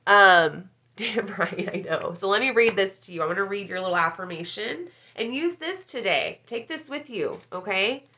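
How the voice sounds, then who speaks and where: A woman hosts a relaxed live coaching session, talking in a loose, rambling way and calling out viewers by name. Her voice is bright and forward, sitting at an ordinary middle pitch. She swears offhandedly as she chats. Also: moderate pace, few pauses. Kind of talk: casual live-stream chat.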